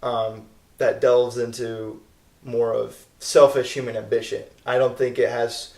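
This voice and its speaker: A young man co-hosting a casual movie review podcast, giving measured opinions with dry quips. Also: medium pitch, level tone, darkish tone. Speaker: podcast co-host. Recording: echoey room.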